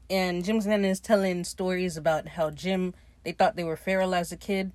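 A woman's voice: medium pitch, no room sound. A woman casually recapping a TV episode, retelling scenes animatedly with laughter and swearing. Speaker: recap podcaster.

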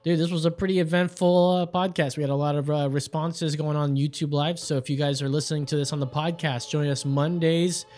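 Higher-voiced man hosting a podcast. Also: flat delivery, brisk, hardly any pauses, darkish tone. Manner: retells events by quoting others, chatty and blunt. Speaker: podcast host. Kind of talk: casual chat.

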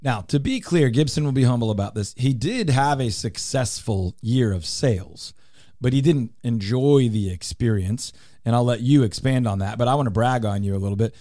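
A man's voice: medium pitch, moderate pace, dark tone, no room sound. A man hosting a radio show in a studio, talking in an upbeat, teasing, salesy way. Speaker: radio show host and real estate team leader. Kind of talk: casual radio talk.

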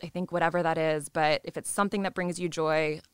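A woman's voice: deep voice, steady tone, fairly quick, smooth, no room sound, clean studio sound. A young adult woman guest on a podcast, chatting casually and candidly, swearing freely and acting out quotes. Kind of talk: casual chat.

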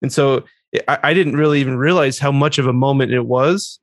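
A man's voice: mid-range voice, fairly even intonation, fairly quick, dry recording, studio quality. A man co-hosting a gaming podcast, eager and tripping over his words. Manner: eager, stumbling restarts. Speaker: podcast co-host, player. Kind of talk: casual chat.

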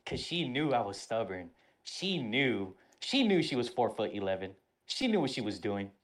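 Brief: male podcast co-host, animated and profane, casual storytelling. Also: mid-range voice, moderate pace.

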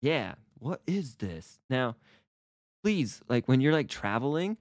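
A man's voice: mid-range voice, very animated, takes it slowly, a little mellow, dry recording, studio quality. A man co-hosting a casual Japanese lesson podcast, explaining in a playful, upbeat way. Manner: upbeat, playful explaining with acted example phrases. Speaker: co-host teaching Japanese.

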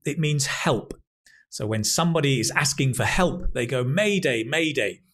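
A man's voice: medium pitch, normal speed. A man teaching English, explaining phrases patiently one at a time and chatting with a colleague. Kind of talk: explaining vocabulary, casual chat.

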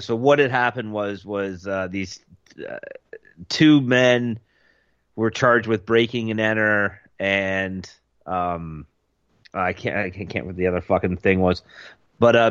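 A man with a low voice co-hosts a casual podcast, rambling through fillers and breaking into laughter often. The recording is dry and dull, with a lo-fi edge. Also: fairly even intonation, normal speed, fairly bright tone, clear, resonant tone, dry recording. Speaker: podcast co-host.

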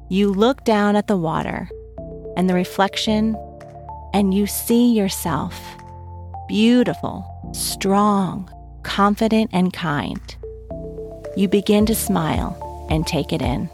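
A woman gently telling a guided story to young children and asking them questions as she goes. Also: mid-range voice. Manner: gentle, asks the listener questions.

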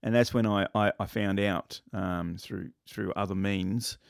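A man's voice: steady tone, unhurried, gravelly, no room sound, clean studio sound. A man telling a long story in casual chat, rambling with many fillers and restarts. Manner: acts out quoted lines in a higher voice.

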